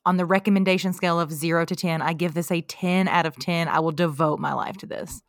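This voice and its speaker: A woman's voice: lowish voice, steady tone, quick pace, dry recording, clean studio sound. Gushing woman podcast co-host. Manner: enthusiastic, gushing. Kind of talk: casual podcast chat.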